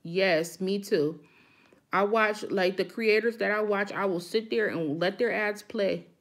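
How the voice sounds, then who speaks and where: A woman's voice: medium pitch, unhurried. A woman hosting a live chat with her viewers, talking frankly and emphatically straight to them.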